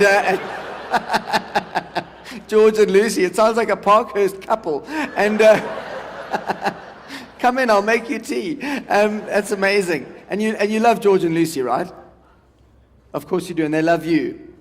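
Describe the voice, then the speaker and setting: A man in his forties doing stand-up, his voice pitched notably high for a man. He chats loosely with the crowd, and his words ring out with a long echo across a large hall. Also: slow pace, long pauses, a little hiss or hum. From South Africa. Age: 40s. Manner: chatty crowd work with the audience. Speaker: stand-up comedian. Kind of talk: stand-up comedy. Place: large event hall with a live audience.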